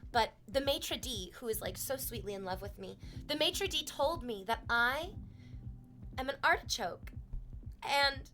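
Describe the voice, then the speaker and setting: A young woman streamer chatting openly with her viewers, swearing freely and laughing loudly. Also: fairly high pitch, lively intonation, moderate pace. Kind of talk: casual chat with stream chat.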